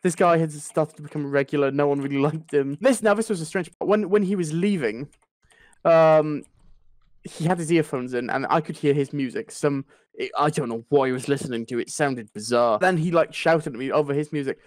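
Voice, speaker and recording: Young man, high pitch, animated, sweary, casual storytelling, dry recording. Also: fairly quick, no room sound. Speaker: podcast storyteller. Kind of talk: casual anecdote telling.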